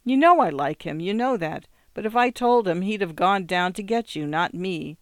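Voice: medium pitch, expressive, normal speed, a bit bright, no room sound. A narrator voicing a guarded older farmer father who answers in blunt, clipped phrases, in an audiobook reading.

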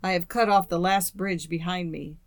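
A brooding young gentleman speaks with bitter, offhand coolness, as an audiobook reader puts him on. The sound is dry and close, with no room around it. The pitch sits in an ordinary middle range. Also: fairly even intonation, moderate pace, no room sound, close to an everyday voice. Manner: bitter, feigned indifference. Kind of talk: audiobook character reading.

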